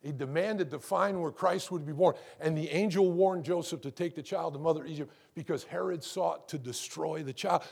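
A man delivers a sermon as pastor, his voice pitched high and gravelly. There is a husky roughness to his tone. He tosses asides to the congregation and builds to fervent emphasis. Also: normal speed, hardly any pauses, darkish tone. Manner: preacher's call-outs and asides to the congregation, rising to fervent emphasis.

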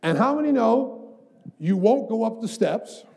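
A man's voice: very high voice, lively intonation, a little slow, darkish tone, slightly rough. A middle-aged man preaching a sermon as pastor, emphatic, building up with rhetorical questions to the congregation.

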